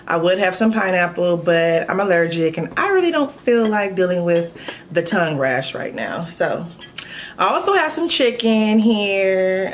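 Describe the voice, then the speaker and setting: A woman's voice: on the low side, slight background noise. Laid-back woman vlogging a mukbang at home. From Los Angeles. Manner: laid-back, chatty, swears freely. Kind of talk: casual chat.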